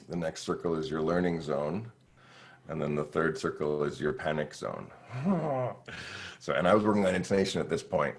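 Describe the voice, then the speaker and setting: Deep gravelly guy, middle-aged horn player, chatty and animated, acts out what he thinks. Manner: animated, acts out quoted thoughts, laughs often. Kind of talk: relaxed Q&A answer.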